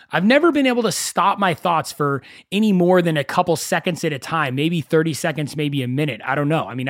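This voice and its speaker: Animated man on a solo podcast. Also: on the high side, dry recording, studio quality. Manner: conversational, animated storytelling with self-mocking asides. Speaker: podcast host.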